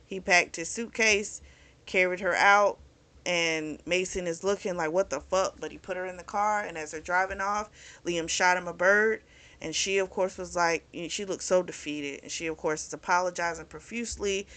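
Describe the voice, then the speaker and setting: Chatty woman with a bright voice. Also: fairly low pitch, steady tone, normal speed. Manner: candid and chatty, recounting the plot with frank opinions. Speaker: book review channel host. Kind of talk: casual spoken book recap and review.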